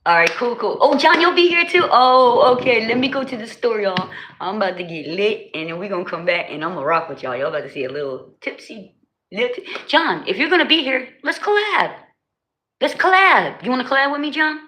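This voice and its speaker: Jersey girl streamer chatting w her viewers, bright voice, slangy, echoey room, a bit of noise. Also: mid-range voice, quick pace. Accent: New Jersey. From New Jersey. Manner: animated, laughs often, slangy. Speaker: livestream host. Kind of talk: casual livestream chat with viewers.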